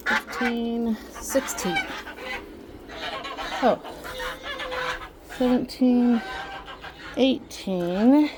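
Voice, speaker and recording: Woman, high voice, unhurried, chatty bird keeper, outdoors, loud clucking and honking behind. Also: background noise. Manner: chatty, talks sweetly to her birds. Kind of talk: casual narration while gathering eggs. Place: outdoors in a poultry yard. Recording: loud farm birds behind.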